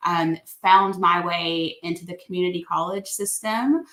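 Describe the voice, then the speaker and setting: Bright-voiced Southern woman, echoey room. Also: on the low side, a little slow. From rural Alabama. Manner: candid, reflective, speaks in short restarts. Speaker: guest. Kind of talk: casual interview chat.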